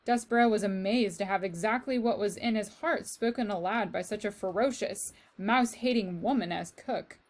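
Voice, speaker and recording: A woman reading a children's novel aloud to a class, with slow, expressive storytelling that speaks to the reader. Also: mid-range voice.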